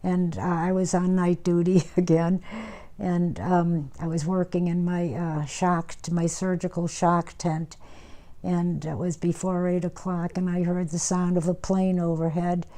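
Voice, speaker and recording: An elderly woman in her nineties tells an old memory in an oral history interview. Her voice sits low and mellow, with a flat, even melody. She speaks unhurriedly, filling pauses with small hesitations and restarting her phrases. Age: 90s. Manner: unhurried reminiscing with many fillers and restarts. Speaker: war veteran interviewee.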